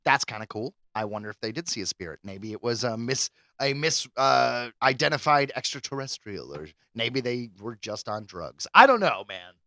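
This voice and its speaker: Lively bright-voiced man, podcast banter. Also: mid-range voice, moderate pace, few pauses, dry recording. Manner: animated, rambling, crude jokes. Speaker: podcast co-host. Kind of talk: casual chat.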